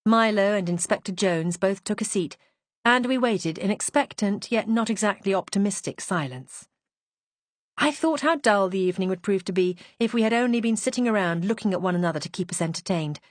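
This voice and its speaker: A woman's voice: mid-range voice, a little fast, no room sound. A woman narrating a first-person mystery audiobook, composed and faintly wry. Her voice sits in a middle register and is recorded close and dry, with no room sound.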